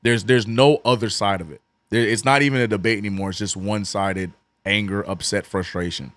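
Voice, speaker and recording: A man with a New Orleans accent and a cracking, hoarse voice, calling a game as a fan streamer and chatting with his viewers. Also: brisk. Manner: swings from excited calls to low, mumbled chat with viewers. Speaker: streamer doing fan play-by-play. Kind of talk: watch-along play-by-play and chat.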